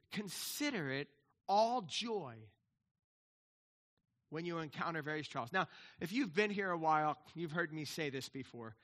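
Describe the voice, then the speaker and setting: The sermon comes from a male pastor whose voice sits on the higher side. His delivery swings from quiet, confiding moments to loud, emphatic ones, and he keeps repeating key lines.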